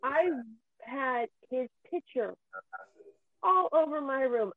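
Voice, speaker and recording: Fired-up woman cussing through a rant, kinda high voice, sounds like over a phone. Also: lively intonation, slow pace, long pauses, no echo, narrow, tinny audio. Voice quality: profane, heated, voice near tears. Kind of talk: angry emotional rant.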